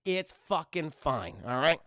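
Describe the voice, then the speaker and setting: A man's voice: on the high side, sing-song, a little slow, fairly bright tone, no echo, studio quality, exaggerated voice. A man voicing a rude, grumpy young man who is curt and dismissive. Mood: irritated. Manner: curt, swearing, brushing people off.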